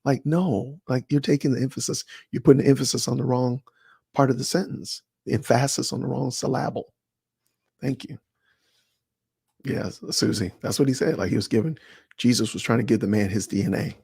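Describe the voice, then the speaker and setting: Gravelly man casually chatting on a livestream. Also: mid-range voice, fairly quick, no echo, clean studio sound. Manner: animated, talks to chat viewers by name, slangy. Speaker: livestream host. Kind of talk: casual livestream chat reading comments.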